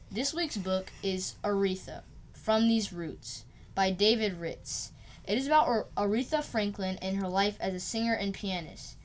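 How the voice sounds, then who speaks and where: Giggly woman co-hosting a podcast. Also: medium pitch. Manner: giggly, reads sponsor lines quickly. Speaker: podcast co-host. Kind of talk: scripted podcast segments with playful banter.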